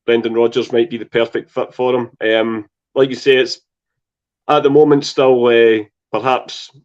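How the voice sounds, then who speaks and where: A man co-hosting a football podcast, talking in a measured, analytical way, recorded on dull lo-fi audio. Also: mid-range voice, little pitch movement, a little mellow. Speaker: podcast co-host. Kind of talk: casual football chat.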